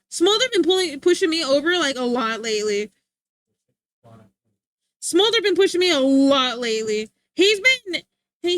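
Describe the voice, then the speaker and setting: A young woman streamer chats casually into a desk mic, slangy and animated with plenty of filler words. Her voice is high-pitched and the recording is dry.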